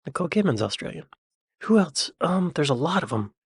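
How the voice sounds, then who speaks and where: A man's voice: a little high, big pitch swings, brisk, breathy edge, no room sound, clean studio sound. A man hosting a reaction video, musing aloud in a chatty, playful way. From American. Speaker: reaction channel host. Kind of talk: casual reaction commentary.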